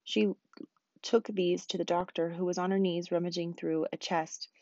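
Low-voiced woman reading a novel aloud. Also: dry recording, lo-fi sound. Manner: quick, expressive reading. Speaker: teacher.

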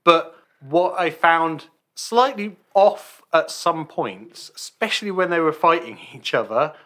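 A man with a crisp, bright tone and a slightly high voice, talking a film over casually with friends. He loops back and restarts mid-thought, full of easy conversational asides. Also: animated, measured pace. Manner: chatty, trailing off and restarting. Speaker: podcast co-host. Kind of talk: casual film review chat.

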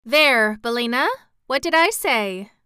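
A woman's voice: fairly high pitch, expressive, measured pace, sharp tone, clean tone, no room sound, studio quality, pitched above the performer's own voice. A woman voicing an eager, earnest young girl in a storybook reading, talking in an insistent way.

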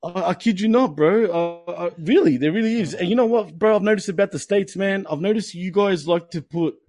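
A man's voice: high-pitched, a little fast, darkish tone. A man hosting a podcast, chatting casually, swearing, laughing often and calling his friend bro. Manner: profane, laughs often, says bro a lot. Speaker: podcast host. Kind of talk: casual chat.

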